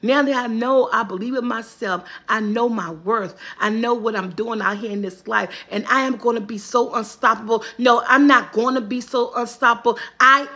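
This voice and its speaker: A woman hosts a live morning check-in, talking straight to her viewers like a pep talk. Her voice sits high and bright. She chats in loose Southern vernacular and greets people by name between encouragements. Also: fairly even intonation, moderate pace, few pauses.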